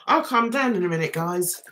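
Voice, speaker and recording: Lady chatting on a livestream at home, bright sharp voice, all over the place. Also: on the low side, slight background noise. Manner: chatty and excitable, reads viewer comments aloud. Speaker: livestream host. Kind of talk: casual livestream chat.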